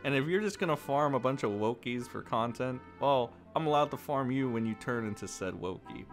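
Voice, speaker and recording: Brief: male online commentator, sneering and crude, very animated pitch, faint music bed. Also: a little fast. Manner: mocking, swears often, breaks into laughter. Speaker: YouTube commentator. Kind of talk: profane reaction commentary.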